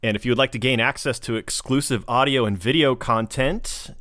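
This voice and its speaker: A man's voice: medium pitch, a little fast, fairly bright tone, no room sound. Chatty male podcast host, dry sound. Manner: laughs easily, chatty. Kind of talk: casual chat.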